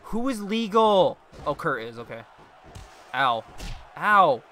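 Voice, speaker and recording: Young male streamer, animated, bright tone, laughs easily, shouts at losses. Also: on the high side, measured pace, slight background noise. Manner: excitable, laughs often, yells at the game. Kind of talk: live gameplay commentary.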